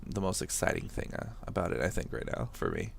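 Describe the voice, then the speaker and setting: A man's voice: deep voice, wildly swooping pitch, fast talker, vocal fry. A young man from the area co-hosting a casual gaming podcast, laid-back, swearing and laughing easily. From Boston area, USA. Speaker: podcast co-host. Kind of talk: casual chat.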